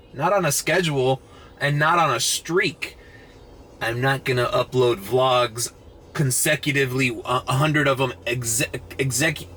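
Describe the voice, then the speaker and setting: A man's voice: a little high, bright, forceful tone, slightly rough. A sleep-deprived man ranting sarcastically to camera from his parked car in the early morning, swearing freely. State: short on sleep. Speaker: rideshare driver vlogger. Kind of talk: casual vlog rant to camera. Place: parked car at a charging station at night.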